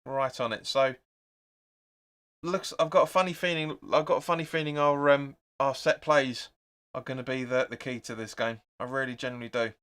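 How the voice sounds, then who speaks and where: A young man hosts a live football watch-along, narrating each pass and chatting with viewers about the game. His voice is bright and forceful, pitched in a middle range. He gets loud and excited at the near chances. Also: normal speed, clean tone.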